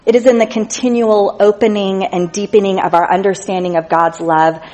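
A woman preaching a sermon, reading scripture with slow, stressed emphasis and going soft and quiet on tender lines. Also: medium pitch, steady tone, low-quality recording. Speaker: speaker at a church gathering.

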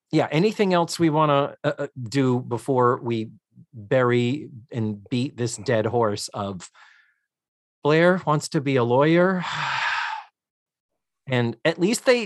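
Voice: medium pitch, no echo, studio quality. A podcast co-host chatting casually and with exasperation while recapping a TV episode, swearing freely.

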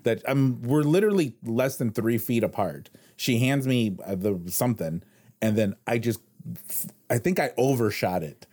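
Man, forties, podcast host; mid-pitched, easygoing storyteller who laughs at his own mishaps. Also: animated, normal speed, darkish tone. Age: 40s. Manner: easygoing storyteller, chuckles at himself. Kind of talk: casual chat.

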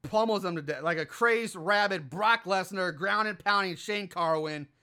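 A podcast host recapping a horror film in casual chat, animated and profane, often exasperated. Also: medium pitch, normal speed.

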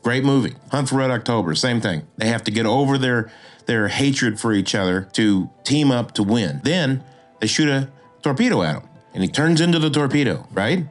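A man hosting a screenwriting podcast, talking casually and swinging his pitch up and down, with frequent restarts. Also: expressive, normal speed, soft background music. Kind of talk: casual instructional talk.

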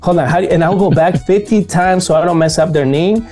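Animated man with a Bolivian accent. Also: sits high, a little fast, faint music behind. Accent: Bolivian Spanish. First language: Spanish. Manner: animated, slangy, acts out quotes. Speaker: podcast co-host and event host. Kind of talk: casual chat.

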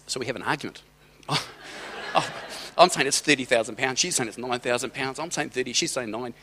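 A man's voice: medium pitch, brisk, pushed and bright, a little hiss or hum. A middle-aged man giving a sermon as a personal story, conversational and rambling, with hesitant restarts. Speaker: church speaker.

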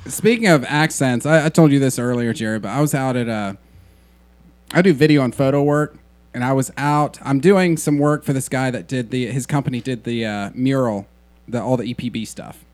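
A man's voice: medium pitch, normal speed, darkish tone. A man on a casual podcast, telling an anecdote in an easygoing way. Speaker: podcast co-host.

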